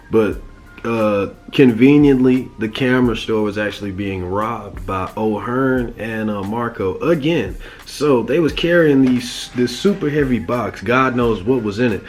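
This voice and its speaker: A man casually recapping a cartoon episode as a reviewer, rambling in profane slang. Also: on the low side. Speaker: show reviewer.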